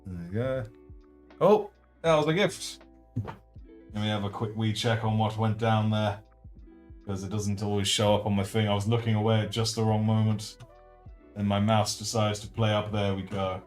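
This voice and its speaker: A man with a baritone voice hosting a casual painting livestream, chatty and jokey, thanking viewers as he works. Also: steady tone, moderate pace, pauses often, faint music behind. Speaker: livestream host.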